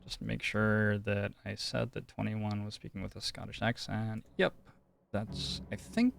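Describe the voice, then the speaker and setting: A man streaming a detective game, musing slowly and thinking aloud as he works through each scene. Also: fairly low pitch, creaky, slight background noise. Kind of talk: casual let's-play commentary.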